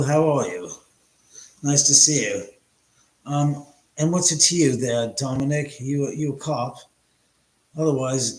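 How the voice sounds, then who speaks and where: A man chats loosely with his livestream viewers, rambling and trading crude jokes. His voice sits at an ordinary middle pitch. He talks in an echoey room in a house. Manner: rambling, joking, crude banter. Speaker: livestream host. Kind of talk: casual livestream chat with viewers.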